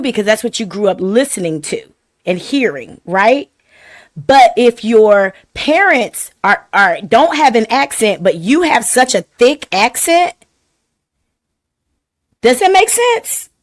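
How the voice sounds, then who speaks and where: A woman commenting over a video, mocking what she sees with sassy, laughing asides. Her voice sits a little high and sounds dry and close. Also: big pitch swings, measured pace, no echo. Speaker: reaction commentator. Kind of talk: reaction commentary.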